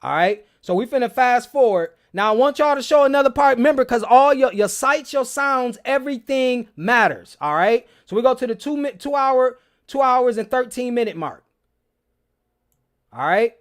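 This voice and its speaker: A man giving excited, preachy commentary on a film, repeating and stressing his points. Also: very high-pitched, moderate pace, smooth. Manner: emphatic, preachy, swears a lot, repeats phrases.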